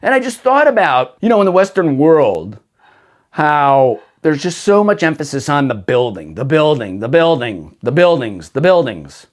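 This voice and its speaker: Male host, casual storyteller, says "dude" a lot, pitch rises and falls freely. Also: very animated, normal speed. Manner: laid-back, full of "dude" and "like". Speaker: faith podcast host.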